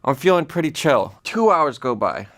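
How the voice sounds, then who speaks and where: An excitable man tells a comic personal story in an animated way. His voice climbs high and gets shrill whenever he acts out the panic. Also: moderate pace.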